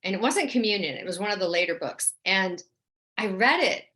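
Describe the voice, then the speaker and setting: A middle-aged woman and actress, chatting casually as an interview guest about her experiences, animated and quick to act out what people said. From New Orleans. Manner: chatty and animated, acts out quoted lines with a higher voice.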